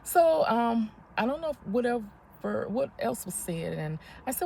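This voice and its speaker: Gravelly fifty-something woman, lively storyteller. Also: medium pitch, normal speed, slight background noise. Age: 50s. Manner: animated, laughing, breathless retelling. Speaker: vlogger. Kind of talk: casual storytelling.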